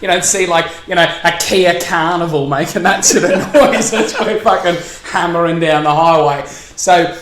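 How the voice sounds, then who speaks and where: A man's voice: fairly high pitch, normal speed, hardly any pauses, roomy sound, crowd noise. A man with an Australian accent hosting a casual comedic podcast, laughing often and telling teasing stories. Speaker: podcast host.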